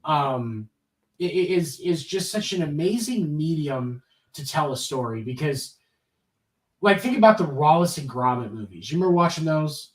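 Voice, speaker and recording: Male co-host, casual rambling chat, higher pitch, distant mic, roomy echo. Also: lively intonation, moderate pace. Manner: rambling, many restarts, enthusiastic about comedy. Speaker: podcast co-host.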